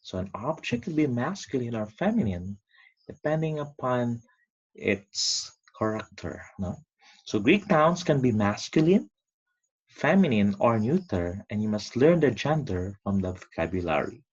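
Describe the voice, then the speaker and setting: A man's voice: mid-range voice, sing-song, a little slow, a little mellow, breathy edge. A man teaching an online lesson, stretching out key words for emphasis. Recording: dull lo-fi recording.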